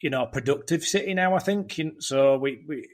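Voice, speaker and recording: A man's voice: a little high, brisk. Yorkshire guy on a podcast, easygoing chatty talk, lots of little restarts. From England. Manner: relaxed, chatty, laughs often, frequent restarts. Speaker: podcast guest. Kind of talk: casual chat. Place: Gold Coast, Queensland.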